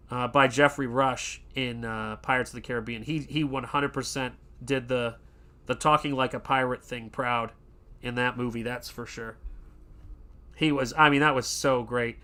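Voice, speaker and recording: Casual male host, bright tone, rambling chatty delivery with plenty of ums and restarts. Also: mid-range voice, steady tone. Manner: does quick pirate voices in quotes. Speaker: art channel host. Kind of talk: casual livestream chat.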